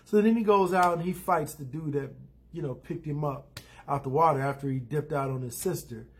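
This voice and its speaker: A man's voice: on the high side, a little fast. A man giving a casual, rambling spoken recap with many fillers and restarts. He drops in blunt opinions and briefly acts out characters' lines. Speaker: TV episode recapper.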